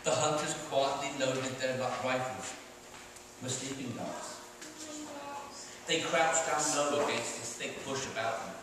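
A man's voice: mid-range voice, a little slow, long pauses. A man from Sweden, an author, reading his storybook aloud to children in a library. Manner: clear, expressive storytelling. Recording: echoey hall from far off, noisy.

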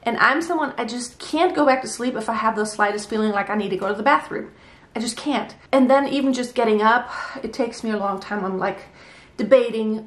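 In an echoey room, heard from a distance, a woman in her thirties gives a casual pregnancy update vlog to camera. Her voice is a little high and brisk, and she comes across as chatty and candid, slightly out of breath.

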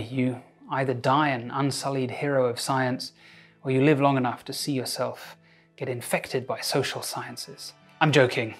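A man, a doctor, narrating a scripted educational video with wry, self-mocking asides. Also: mid-range voice.

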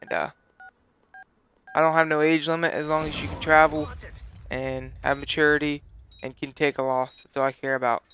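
A man's voice: fairly high pitch, level tone, moderate pace, pauses often, fairly bright tone, a little hiss or hum. A teenage boy giving casual, rambling gameplay commentary, swearing freely and filling his talk with "like". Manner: rambling, profane, full of "like" fillers. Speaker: gaming channel host.

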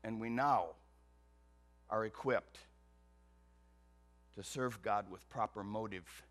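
A male pastor delivering a sermon in a church, leaning hard on key words and posing rhetorical questions. His delivery is slow and deliberate. His tone is bright and forceful. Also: lowish voice. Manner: emphatic preaching with rhetorical questions.

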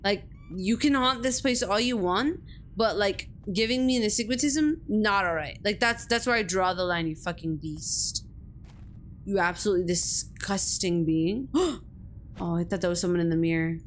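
A woman's voice: medium pitch, moderate pace, a little hiss or hum. A young woman streaming a horror game, jumpy, swearing freely and talking back at the game as she plays. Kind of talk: live-streamed gameplay commentary.

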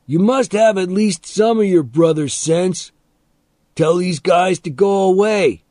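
A man voicing a calm, menacing older teenage gang leader in an audiobook, patiently making smooth threats. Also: sits high, unhurried, no room sound, clean studio sound, pitched above the performer's own voice. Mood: mocking coaxing.

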